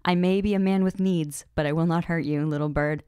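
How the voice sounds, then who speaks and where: A woman reading aloud the lines of a gruff, protective scarred warrior man in a low, slightly raspy voice. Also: fairly even intonation, fairly quick, warm tone, no room sound, natural voice.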